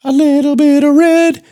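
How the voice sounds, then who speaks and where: A man's voice: very high-pitched, mellow, pitched above the performer's own voice. A man putting on the voice of a gushing man daydreaming aloud to an old veteran friend, in a singsong, sarcastic croon.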